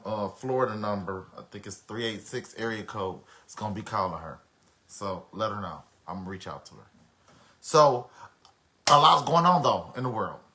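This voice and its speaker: A man's voice: medium pitch, pushed and bright. A man hosting a casual live stream, chatting with viewers, greeting them by name and using many fillers.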